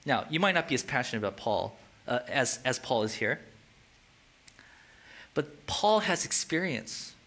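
A male pastor preaching a sermon in an animated, conversational way with frequent jokes. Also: mid-range voice, measured pace, long pauses.

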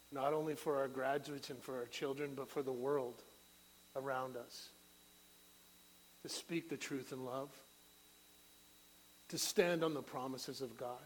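A middle-aged man preaching a sermon to a church, building to loud, rising peaks and then dropping to quiet, low prayer. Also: slight background noise, poor audio.

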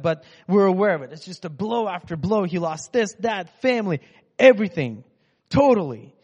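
A man preaching a casual, joking sermon as a pastor, talking in a loose conversational way. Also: on the high side. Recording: muffled in a reverberant hall.

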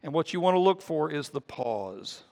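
A man's voice: a little high, sing-song, moderate pace, gravelly, a little mellow. A man preaching a conversational sermon as pastor, often repeating words as he goes. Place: church sanctuary. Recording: long reverb of a church hall.

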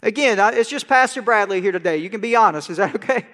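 A middle-aged pastor preaches from the pulpit with a high, bright, forceful voice. He leans into dramatic cries of scripture. Long reverb from the church sanctuary hangs behind him. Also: fast. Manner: animated preaching, crying out verses dramatically. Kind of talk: sermon.

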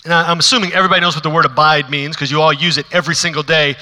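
A male pastor preaching in a church with a sharp, ringing, forceful tone and a fairly high voice. He drops to quiet, close asides and then climbs into emphatic, insistent preaching. The sound carries a long reverb, as in a big sanctuary. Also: steady tone, racing. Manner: swings between hushed, intimate asides and rising, emphatic preaching. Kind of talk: sermon. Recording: long reverb of a large hall.

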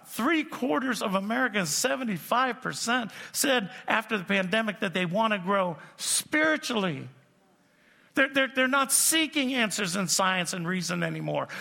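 Male pastor, 60s, emphatic sermon delivery, bright edgy tone, long hall reverb. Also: high voice, creaky. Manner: emphatic preaching with rhetorical questions and repetition.

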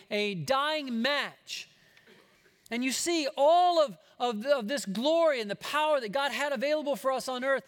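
A man preaching a sermon, animated and acting out Bible dialogue, with frequent restarts. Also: very high voice. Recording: long hall reverb.

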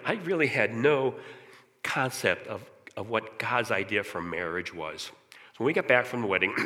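A middle-aged man giving an earnest personal testimony in church, often clearing his throat as he talks. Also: medium pitch, bright, forceful tone. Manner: earnest, candid storytelling. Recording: long reverb of a large hall.

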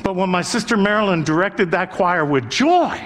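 An older male pastor delivers a sermon in an earnest, conversational way, leaning on repetition for emphasis. His voice sits high for a man. It rings out with a long reverb, as in a big hall. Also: animated, moderate pace, a bit bright.

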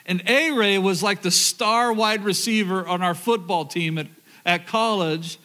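High-voiced Southern pastor telling stories. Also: male voice, measured pace, pushed and bright. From rural Oklahoma, USA. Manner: earnest, repeats words, addresses the crowd. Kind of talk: storytelling sermon.

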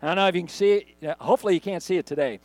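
A man's voice: high-pitched, very fast, darkish tone, no room sound, soft background music. A middle-aged male pastor preaching a sermon for an online video, in a conversational storytelling manner. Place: church recorded on camera.

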